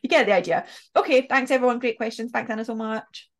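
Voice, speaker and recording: A woman's voice: a little high, quick pace. Woman coach chatting on a podcast, thoughtful, keeps restarting her sentences. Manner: reflective, thoughtful, with many restarts. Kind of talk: casual podcast chat.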